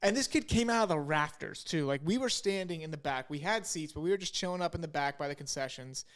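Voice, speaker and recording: A man's voice: a little high, animated, fast talker, fairly bright tone. A young man co-hosting a podcast, telling stories in a laid-back way full of "like" and "you know". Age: young adult. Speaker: podcast co-host. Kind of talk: casual storytelling chat.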